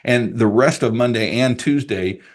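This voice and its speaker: A middle-aged man hosting a podcast, telling a story with animated delivery, stumbling over repeated words and laughing at his own analogy. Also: mid-range voice, moderate pace. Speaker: podcast host and appraiser coach. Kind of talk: solo podcast monologue with sponsor reads.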